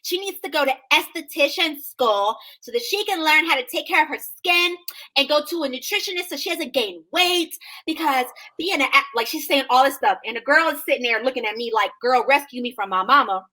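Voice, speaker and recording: A woman in her thirties with a high, bright voice co-hosts a casual chat. She tells her story in an animated, sassy way and acts out each person's lines. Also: a little fast. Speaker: podcast co-host.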